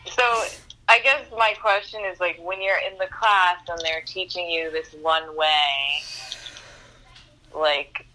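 A woman's voice: on the low side, fairly even intonation, slow, sharp tone. A woman in casual chat over the phone, encouraging and supportive, with lots of "like" and "okay.". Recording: tinny phone line.

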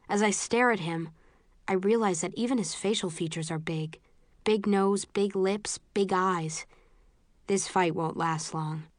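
Low, dry-voiced woman narrating. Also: no room sound. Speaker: audiobook narrator. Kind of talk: first-person audiobook narration.

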